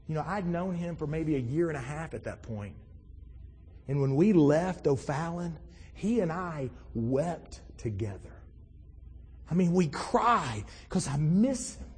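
A middle-aged man preaches to his congregation, chatty and story-driven before building into emphatic, urgent stretches. His voice is slightly high and husky. The sound carries a long reverb from a large church hall. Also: a little mellow. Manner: conversational storytelling, rising to emphatic. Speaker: pastor. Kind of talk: sermon. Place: church sanctuary.

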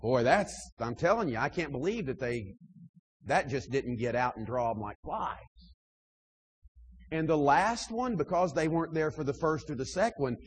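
A man delivers a sermon to church leaders in an emphatic, stop-and-start way, pushing hard on key points and then dropping low. His voice sits a little high and has a husky edge. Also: animated, normal speed, poor audio. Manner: emphatic, rising and dropping in volume, frequent restarts. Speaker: preacher.

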